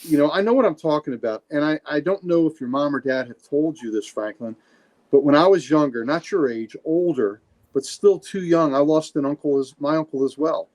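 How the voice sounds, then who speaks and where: A man reading a comic aloud on a podcast and voicing Spider-Man as a gentle, caring adult male superhero in a slightly raised voice. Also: a little high, fairly quick, voice pushed up, lightly acted. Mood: gentle, comforting.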